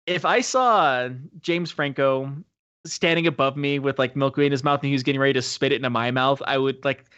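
A podcast co-host casually recaps a movie, animatedly retelling it and acting out quotes in a high, squeaky voice. He talks a little fast with a smooth voice. The recording is dry, with no room sound and the highs cut off.

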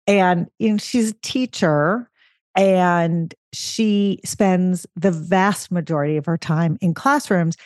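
A woman's voice: on the low side, dark tone, no room sound, studio quality. A woman co-hosting a podcast, explaining ideas on parenting in a thoughtful, explanatory way. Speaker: podcast co-host. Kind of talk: casual parenting discussion.

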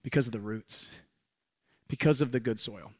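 A middle-aged man giving a live, preachy seminar talk to an audience, swinging between loud urging and hushed asides. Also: medium pitch, moderate pace, no echo, studio quality. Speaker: motivational speaker. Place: event hall with a live audience.

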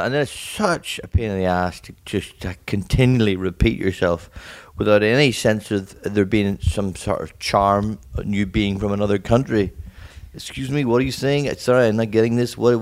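A man's voice: fairly low pitch, fairly even intonation, moderate pace, hardly any pauses. A man with a thick Irish accent, a guest on a casual chat podcast, making dry, wry asides. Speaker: guest comedian.

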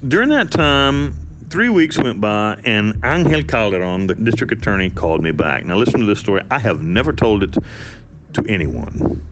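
A man telling his own story in an interview, blunt and profane, with animated delivery. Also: fairly low pitch, moderate pace, noisy background. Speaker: interviewee, former prisoner.

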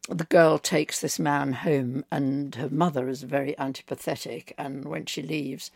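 A woman's voice: low-pitched, fairly even intonation, unhurried, vocal fry, a little mellow, no room sound, studio quality. An older woman from England, a novelist being interviewed, telling rambling anecdotes with fillers. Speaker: novelist guest. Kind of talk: conversational interview.

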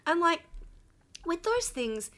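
A woman's voice: very high-pitched, big pitch swings, takes it slowly, a bit bright. A woman in her thirties co-hosting a podcast, with giggly, sweary banter and casual chat. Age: 30s. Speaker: podcast co-host.

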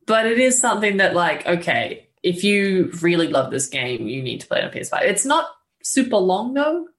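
A woman game journalist co-hosting a casual podcast chat, talking quickly with lots of "like" asides. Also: medium pitch, big pitch swings.

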